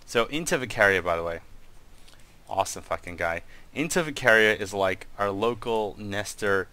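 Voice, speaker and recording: Excitable man streaming, bright tense voice. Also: lowish voice, normal speed. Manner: excitable, swears freely, thinks aloud while clicking. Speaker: game streamer and corp leader. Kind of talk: casual live-stream chat.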